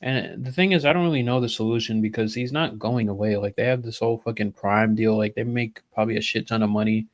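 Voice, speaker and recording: A man's voice: on the low side, quick pace, hardly any pauses. A man co-hosting a wrestling podcast, talking frankly and profanely in a loose, rambling way. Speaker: podcast co-host. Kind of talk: casual wrestling podcast chat.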